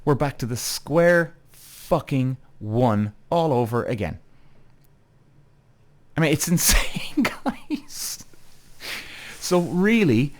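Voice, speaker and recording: A man hosts a podcast in a loose, ranting monologue. He speaks straight at his listeners and swears freely, with a voice of middling pitch. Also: very animated, slow pace, long pauses. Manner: blunt, swears often, addresses listeners directly. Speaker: podcast host. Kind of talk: casual rant.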